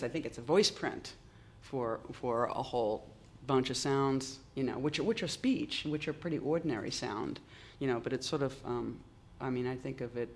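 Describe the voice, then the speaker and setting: An older poet from Boston, talking in a halting way with many restarts and strong emphasis. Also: medium pitch, slight background noise. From Boston, United States. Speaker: poet, interview guest. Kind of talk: reflective conversation.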